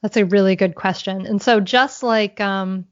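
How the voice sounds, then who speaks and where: A woman answering as a podcast guest, explaining calmly and earnestly, thinking aloud as she goes. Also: medium pitch, moderate pace, dry recording, muffled recording. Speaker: guest, mindfulness mentor for parents.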